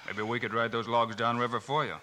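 An actor playing a calm, commanding frontier hero in a 1950s radio western. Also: male voice, medium pitch, fast talker, lightly acted. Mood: steady. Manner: steady, commanding plain speech. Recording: heavy hiss of old radio broadcast.

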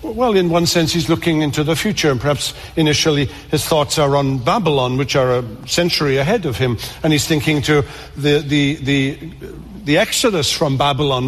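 A man's voice: on the high side, fairly quick, few pauses, breathy edge. A man preaching a sermon to a congregation, earnest and repetitive, often restarting his words. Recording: long reverb of a large hall.

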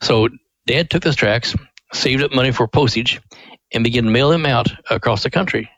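The director of a ministry, a man with a medium-pitched voice, tells the story of its founding on a radio interview at a moderate pace. He's earnest and animated, acting out quoted voices, and the recording is dry and low in quality.

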